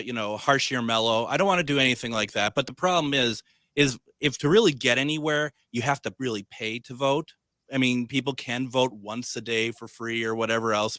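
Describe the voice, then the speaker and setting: A man with a Midwestern American accent hosting a paranormal radio show, joking and teasing his guest, halting with many uhs. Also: medium pitch, bright, forceful tone, no room sound. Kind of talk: casual radio chat.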